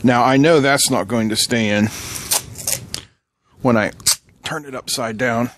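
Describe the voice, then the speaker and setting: A man's voice: mid-range voice, unhurried, slight background noise. Chatty man joking at his workbench. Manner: joking, chatty, talks to viewers while working. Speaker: electronics channel host. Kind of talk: casual workbench tutorial. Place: home electronics workbench.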